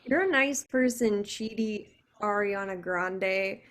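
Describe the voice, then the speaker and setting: A woman's voice: medium pitch, slow pace, a bit bright. A woman reading a brash, drunk young woman in the afterlife, sarcastic and slurring, at a video call table read.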